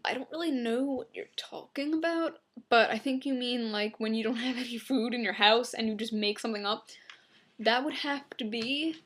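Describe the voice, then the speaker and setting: In a casual Q and A vlog, a young woman from Long Island, New York reads viewers' questions aloud and gives blunt, flippant answers. Her voice is slightly high for a woman and a bit bright, and she drops in quick offhand asides.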